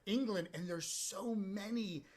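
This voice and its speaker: A middle-aged American comedian chatting as an interview guest, talking in animated bursts with lots of restarts. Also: male voice, sits high, a little slow. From United States. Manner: animated, rambling with many restarts. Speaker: comedian and impersonator.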